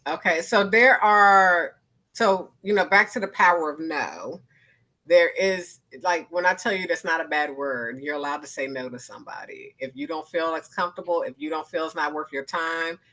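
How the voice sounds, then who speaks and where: A woman's voice: sits low, moderate pace, bright, forceful tone, rough recording. A woman in her fifties, a guest speaker and arts organization founder, talking candidly on a panel. She acts out other people's voices and laughs often. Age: 50s.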